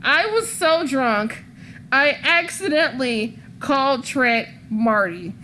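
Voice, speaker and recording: A woman's voice: high voice, expressive, slow pace, sharp tone, a little hiss or hum. A woman hosting a podcast, telling rambling stories in casual chat, swearing freely and laughing often. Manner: rambling, profane storytelling. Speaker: wrestling podcast host.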